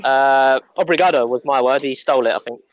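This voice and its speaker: A man chatting as a guest on a video call, jokey and relaxed. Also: medium pitch, brisk, no room sound, lo-fi sound. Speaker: guest rider. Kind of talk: casual chat.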